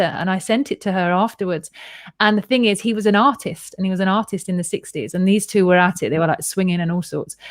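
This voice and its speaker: A woman's voice: mid-range voice, dry recording, clean studio sound. A woman telling a personal story to a host in casual conversation, rambling and candid, swearing freely and acting out her own reactions. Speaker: guest.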